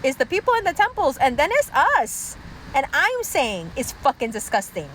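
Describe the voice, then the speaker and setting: A woman's voice: high-pitched, huge pitch swings, normal speed, fairly bright tone, slight background noise, poor audio. A woman from Pakistan ranting heatedly on her vlog, taunting and mocking listeners and swearing constantly. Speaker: vlogger. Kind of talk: heated profane rant.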